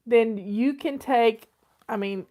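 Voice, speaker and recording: An older woman answers viewer questions in a folksy, chatty way. Her voice sits fairly high. She often says things twice for emphasis. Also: expressive, unhurried. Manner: chatty, folksy, repeats herself. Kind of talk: casual advice chat.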